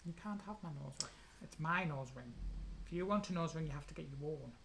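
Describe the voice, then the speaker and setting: A man chats through a live quiz stream in a slightly higher voice. He teases his co-host and argues back quickly. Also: creaky, fairly bright tone, a little hiss or hum. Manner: chatty, teasing, quick to argue. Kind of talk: casual live-stream chat.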